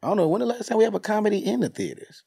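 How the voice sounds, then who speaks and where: A man's voice: sits high, rapid-fire, vocal fry, husky. A man hosting a casual podcast, telling stories in slangy, profane talk and acting out bits of scenes. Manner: animated, slangy, profane storytelling. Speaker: podcast host.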